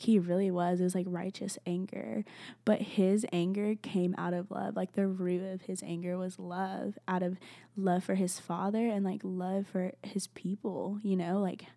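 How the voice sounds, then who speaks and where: Creaky, mellow-voiced young woman podcaster. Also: mid-range voice, no room sound, clean studio sound. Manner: gentle, rambling, heavy use of "like". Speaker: podcast host. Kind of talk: casual Christian encouragement podcast.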